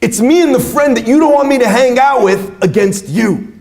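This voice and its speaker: Speaking at a moderate pace in an extremely high-pitched voice, a man addresses a retreat audience with an inspirational talk. He tells stories with animation and trades jokes with the crowd.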